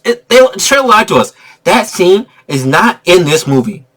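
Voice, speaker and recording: A man giving a casual spoiler movie review, excitable and profane, laughing often and a bit tipsy from drinking. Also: high-pitched, unhurried. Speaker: film reviewer.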